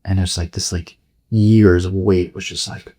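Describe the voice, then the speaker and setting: Husky, low-voiced man telling his story frankly. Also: little pitch movement, unhurried, dark tone. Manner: frank, swears freely, acts out quoted dialogue. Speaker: podcast guest. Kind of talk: candid storytelling.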